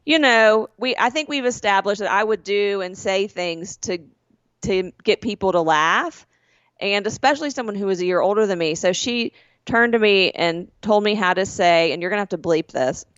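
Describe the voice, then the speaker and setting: A woman's voice: medium pitch, expressive, moderate pace, fairly bright tone, no echo, dull audio. Woman telling a rambling story, dry sound. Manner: rambling, self-correcting storyteller. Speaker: podcast co-host. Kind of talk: casual storytelling chat.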